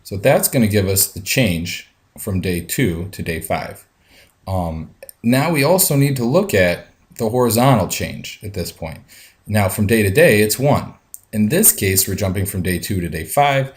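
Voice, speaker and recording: A man's voice: on the low side, expressive, a little slow. A male math teacher talking through a screencast lesson step by step, with frequent ums.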